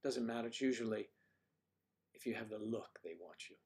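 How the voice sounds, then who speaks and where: An older man hosting a livestream, chatting casually and rambling, thinking aloud with frequent pauses. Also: lowish voice, darkish tone. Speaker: livestream host.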